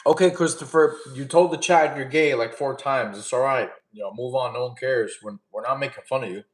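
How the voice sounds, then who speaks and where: A man in his thirties talks fairly quickly in a medium-pitched voice, his sound reverberant, while hosting a casual campfire live stream. He reads chat questions aloud and gives blunt, relaxed fitness advice.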